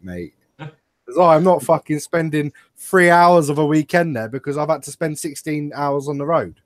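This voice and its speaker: Man, young adult, British accent, mocking banter, fairly high pitch, dry close recording. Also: normal speed, no echo. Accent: British English. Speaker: podcast co-host. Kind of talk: casual chat.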